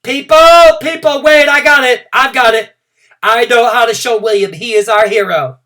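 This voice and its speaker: A man reading a storybook aloud and voicing a bossy, excitable kindergarten girl who shouts her lines. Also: very high-pitched, normal speed, far from the mic, pitched above the performer's own voice. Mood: excited shouting. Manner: loud exclamatory shouting.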